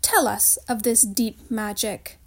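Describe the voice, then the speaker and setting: A woman reading aloud, voicing a commanding male lion king in a calm, solemn, measured way. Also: on the high side.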